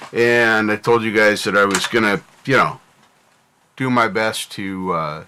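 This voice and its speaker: A man streaming, talking candidly and reflectively about his life, halting with fillers and restarts. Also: fairly low pitch, bright, forceful tone, clear, resonant tone. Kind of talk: candid personal talk on stream.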